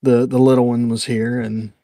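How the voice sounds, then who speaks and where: Animated young man, dry close sound. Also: medium pitch, normal speed, no echo. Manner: animated storyteller, repeats words as he talks. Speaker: podcast guest. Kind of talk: casual podcast chat.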